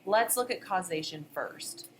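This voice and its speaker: A woman's voice: fairly low pitch, lively intonation, a little slow, noisy background. A woman co-hosting a history podcast, explaining events in a conversational way. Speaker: history teacher, podcast co-host. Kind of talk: educational podcast discussion.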